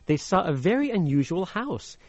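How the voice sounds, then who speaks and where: A playful, animated man from Los Angeles, USA, with a high voice at normal speed and no room sound, laughs easily while telling a fairy tale. Acting as a slang teacher, he explains idioms in this storytelling lesson, which has a slightly muffled radio sound.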